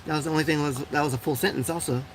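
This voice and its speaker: A woman's voice: sits low, fairly even intonation, very fast, poor audio. Chatty blunt woman host, faint background hiss. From Puerto Rico. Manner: chatty and blunt, many fillers, frequent laughs. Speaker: live show host. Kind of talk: casual live-stream chat reading viewer comments.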